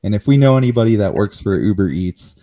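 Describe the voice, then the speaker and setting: A man's voice: fairly low pitch, lively intonation, fast, warm tone. A man co-hosting a casual podcast, ranting animatedly and swearing freely. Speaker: podcast co-host. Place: Cincinnati area.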